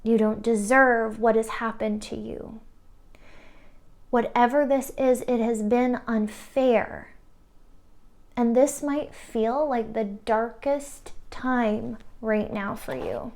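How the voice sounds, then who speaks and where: A woman giving an intuitive pick-a-card tarot reading, soft and earnest, with many "like" fillers. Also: fairly high pitch, steady tone, slow. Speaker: tarot reader.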